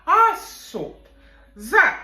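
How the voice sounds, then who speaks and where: A woman who runs an online business, telling her own story in a vlog with animated, emphatic delivery. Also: very high voice, very slow, echoey room, rough recording.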